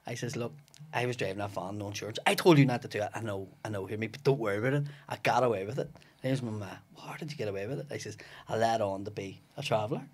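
A man's voice: lowish voice, quick pace. A man telling a long story on a podcast, swearing freely and acting out the other people's lines. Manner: profane, acts out the voices in his stories. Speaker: comedian guest. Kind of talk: casual storytelling. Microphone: studio podcast mic.

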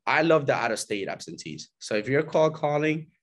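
A man at a mid-range pitch teaches a small group of agents how he wins listings. He talks loosely and animatedly, slipping into little acted-out exchanges with clients. He keeps tagging his points with "right?" and "you know?". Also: very animated, moderate pace. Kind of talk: casual coaching talk to a small group.

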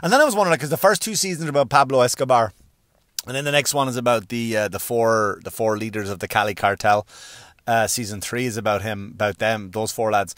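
A middle-aged man doing a stand-up monologue, swearing freely and jumping into high voices to act out characters. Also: fast talker, dry recording, studio quality. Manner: animated, swearing, acts out characters with sudden pitch jumps. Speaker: stand-up comedian.

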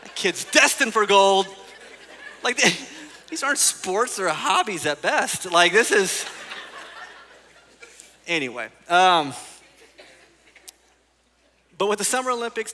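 Animated pastor man in a big echoey hall. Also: high voice, a little hiss or hum. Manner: animated storytelling, acts out voices. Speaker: teaching pastor. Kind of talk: lively sermon with humor. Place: church auditorium. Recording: long church hall reverb.

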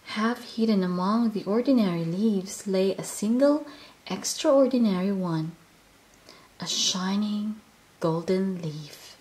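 A woman reads a children's picture book aloud, slowly and gently. Her pitch sits mid-range and she gives each line a soft expressive lift. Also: a little hiss or hum. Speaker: storyteller.

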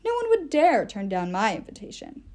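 A woman's voice: a little high, huge pitch swings, moderate pace, a little mellow. A woman voicing a pompous, greedy elderly male elf lord who talks in a haughty, commanding way. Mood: gloating.

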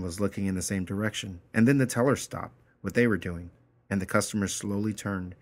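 A man teaching a story, reading it aloud line by line and then explaining it in a casual way, often checking in with his listeners. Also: deep voice.

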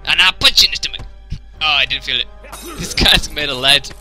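A man's voice: a little high, brisk, music in the background. A young man, casually commentating a video game, joking and laughing as he plays. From England. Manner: jokey, laughs often, reacts loudly. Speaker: let's play commentator.

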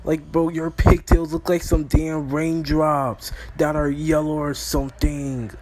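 A man's voice: a little high, little pitch movement, unhurried, darkish tone, a little hiss or hum. A young man doing a brash, exasperated comedy roast over a phone mic, swearing constantly and calling everyone "bro". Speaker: roast video creator. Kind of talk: profane comedic roast commentary.

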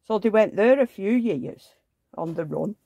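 A woman vlogger chats on at home in a gravelly, husky voice. Her pitch leaps up and down, and she rambles from topic to topic and coos at the dolls she dresses, close and dry on the mic. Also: lively intonation, measured pace, warm tone, no echo, muffled recording. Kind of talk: casual chat.

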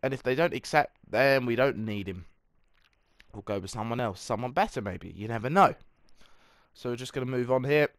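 A man's voice: medium pitch, animated, moderate pace, no echo. A young man chatting through a football management game, self-mocking and breaking into mock match commentary. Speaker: gaming video creator. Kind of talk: casual gameplay commentary.

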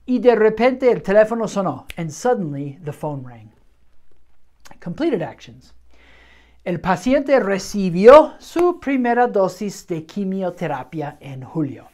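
Woman, low-pitched, chatty, upbeat, casual lesson. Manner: upbeat, chatty, says "okay" often. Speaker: medical Spanish teacher.

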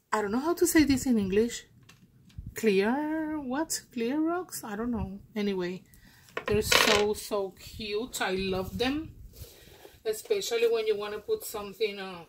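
A woman who is not an English speaker, gushing and exclaiming as she unboxes a gift swap, with many pauses and fillers. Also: mid-range voice, a little hiss or hum. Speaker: crafting vlogger.

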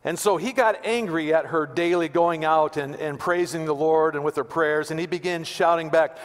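A man's voice: on the high side, normal speed. A male pastor preaching a sermon in a conversational, joking way, often repeating words. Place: church sanctuary. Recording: long church reverb.

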